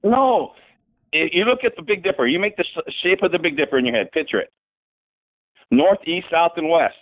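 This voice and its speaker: A man's voice: fairly high pitch, lively intonation, normal speed. A man joining a livestream remotely, chatting casually and insistently explaining his point. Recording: tinny phone-like line.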